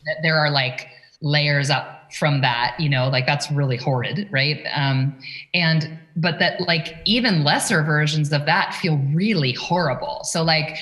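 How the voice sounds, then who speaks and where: A woman with a notably deep voice speaks as a podcast guest and leadership coach. She talks things through thoughtfully, stacking up searching questions one after another. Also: a little slow, fairly bright tone. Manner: reflective, asks probing rhetorical questions. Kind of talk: casual interview talk.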